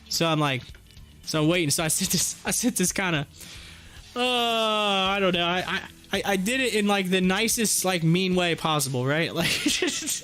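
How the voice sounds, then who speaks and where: A man with a notably high voice talks loosely on a live stream, spinning long rambling stories packed with fillers and quick laughs. Faint music sits quietly behind him. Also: lively intonation. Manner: rambling, chatty storytelling with frequent fillers and laughs. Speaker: day-trading live stream host. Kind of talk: casual live-stream chat.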